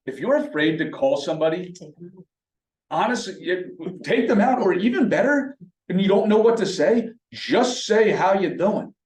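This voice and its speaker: Male presenter, energetic coaching style, recorded from a distance in a meeting room. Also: sits high, moderate pace. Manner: energetic, coaching, rhetorical questions. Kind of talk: motivational team meeting talk. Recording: roomy, from a distance.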